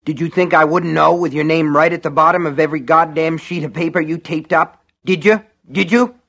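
A man's voice: fairly even intonation, fairly quick, creaky, fairly bright tone. A man reading an audiobook, voicing a furious, heavyset middle-aged male town official who screams his accusations. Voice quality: shrill screaming. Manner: shrieks accusations.

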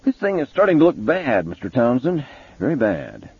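A swaggering police chief barks orders and boasts in a raised, raspy voice, as a man puts him on. His speech is blunt and profane. The sound is tinny and phone-like, with a dry, close feel. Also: mid-range voice, huge pitch swings, normal speed, no room sound, pitched above the performer's own voice, heavily acted. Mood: gruff, cocky. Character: brash, profane middle-aged male police chief.

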